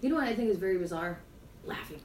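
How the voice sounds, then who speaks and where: A woman's voice: mid-range voice, lively intonation, very fast, darkish tone, echoey room, recorded from a distance. A woman chatting casually as a guest at a friend's home, telling stories in a giggly, chatty way. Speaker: podcast guest. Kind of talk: casual chat.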